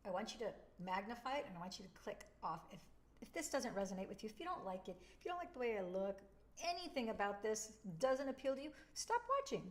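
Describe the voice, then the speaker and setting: A woman talks straight to the camera in a casual, heartfelt way, swinging between tender encouragement and blunt, salty asides. Her voice sits in a middle register, and she leans in with animated emphasis on her favorite points. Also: mid-range voice, fast talker. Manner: emotional, chatty, blunt and animated. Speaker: spiritual video host. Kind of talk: casual spiritual talk to camera.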